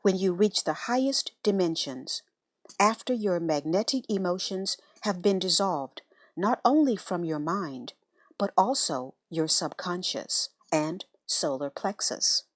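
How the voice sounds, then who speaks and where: A woman giving a slow, measured, reverent reading of a spiritual letter and meditation prayer. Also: on the low side, animated, no room sound, clean studio sound. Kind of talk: scripted devotional reading.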